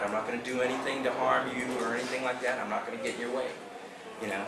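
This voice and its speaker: At a club meeting, an angler casually tells a tournament fishing story, animated and laughing as he acts out the dialogue. His voice is mid-range and he talks at a quick pace. The recording is echoey and distant, taken in a meeting room with background noise.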